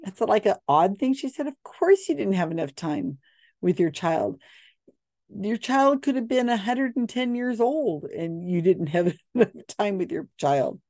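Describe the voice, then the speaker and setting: A woman's voice: medium pitch, expressive, a little slow, a little mellow, dry recording, clean studio sound. A woman giving skeptical, blunt video commentary, talking casually with frequent ums and restarts. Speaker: commentator reviewing psychic videos.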